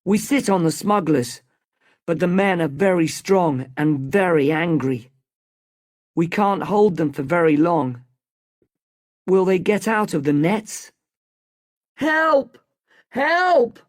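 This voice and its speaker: Narrator: a man reading a learners' storybook, slow and careful. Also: fairly high pitch, a little mellow. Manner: slow, careful, clearly spoken.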